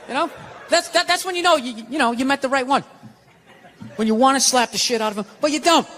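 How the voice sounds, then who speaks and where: A man who is a comedian and talk show guest, telling profane stories in a blunt, animated way. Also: very high voice, fast, slight background noise. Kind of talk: profane ranting comedy and chat.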